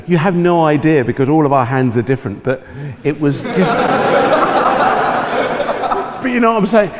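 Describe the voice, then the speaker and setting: A man tells anecdotes to an audience, breaking into laughter and swinging his voice up and down. He speaks a little higher than most men. The audio is noisy, typical of a patched-together meme clip. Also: big-room sound. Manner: laughing, theatrical, exclamatory. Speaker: television chef.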